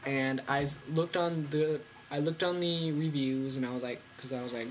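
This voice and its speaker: A fifteen-year-old boy hosting a casual tech podcast from home, rambling and excitable with lots of fillers. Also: a little high, moderate pace, slight background noise. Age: teens. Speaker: podcast host.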